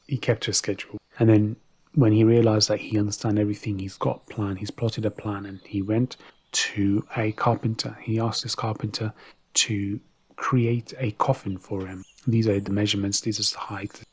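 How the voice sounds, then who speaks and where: A man's voice: lowish voice, level tone, moderate pace, darkish tone, a little hiss or hum. A man narrating a story in a casual, conversational way, with asides to the listener.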